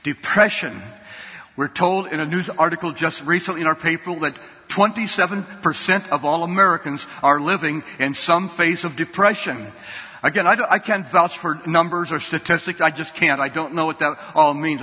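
A man's voice: on the high side, sharp tone, husky. A man preaching a sermon, telling a folksy story and often repeating his words. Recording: long hall reverb.

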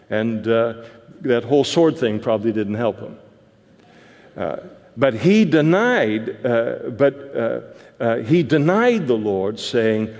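Guy preaching a bible sermon, lots of uhs and restarts, mid pitch, echoey hall. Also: a little mellow. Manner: many fillers and restarts, rising to emphatic peaks. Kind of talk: verse-by-verse sermon.

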